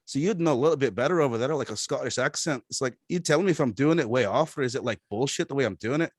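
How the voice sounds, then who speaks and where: A man's voice: mid-range voice, fast talker, slightly rough, no room sound, clean studio sound. A man chatting casually as a podcast guest, rambling and often restarting his sentences.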